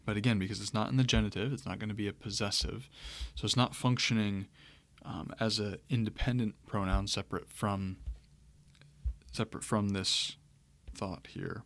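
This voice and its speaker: Low, gravelly male teacher. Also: normal speed. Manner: relaxed, thinking aloud with fillers and restarts. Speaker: Greek teacher. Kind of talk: lecture.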